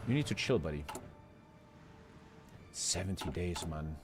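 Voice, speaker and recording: A man's voice: lively intonation, a little slow, soft background music. A man, commenting live on his own strategy game and swearing a lot. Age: 30s. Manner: swears a lot, jumps into loud high yelps. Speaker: streamer.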